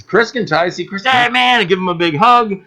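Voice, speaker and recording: Brief: high, bright-toned man, animated storyteller, blunt, swears, does voices for people in his anecdotes. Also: brisk. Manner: animated, acts out voices in his stories, laughs loudly. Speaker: guest. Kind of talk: casual storytelling chat.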